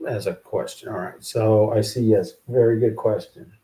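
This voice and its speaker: A man hosting a show, thinking aloud in a halting, musing way as he works out verses, repeating phrases to himself. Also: steady tone, mellow. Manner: slow, low-key, self-questioning. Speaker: podcast host writing rhymes. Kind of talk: casual thinking aloud while writing verses.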